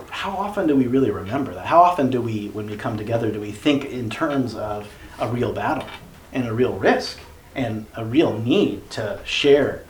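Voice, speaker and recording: A man leading a church small group in a casual teaching discussion, rambling with many fillers and self-corrections. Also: medium pitch. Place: basement meeting room. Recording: roomy echo, faint background noise.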